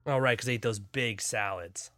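A man co-hosting a casual podcast, bantering in a deadpan, sarcastic way. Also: on the low side, normal speed, a little hiss or hum. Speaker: podcast co-host.

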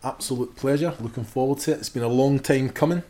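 A Scottish man co-hosting a podcast, upbeat and quick to laugh. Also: medium pitch, dark tone. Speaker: podcast co-host. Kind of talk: casual podcast chat.

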